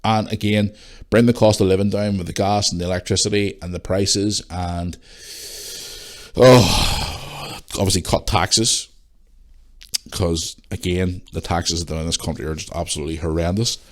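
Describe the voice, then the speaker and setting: A man's voice: low-pitched, fairly even intonation, moderate pace. A middle-aged Northern Irish man hosting a solo podcast, ranting bluntly and swearing freely, tired and yawning. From Northern Ireland. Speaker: podcast host. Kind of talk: casual solo podcast chat.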